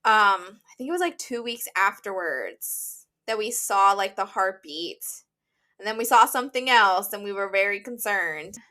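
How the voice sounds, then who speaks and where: A young adult woman co-hosting a casual podcast chat, recounting events in a relaxed, matter-of-fact way. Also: mid-range voice, moderate pace. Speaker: podcast co-host.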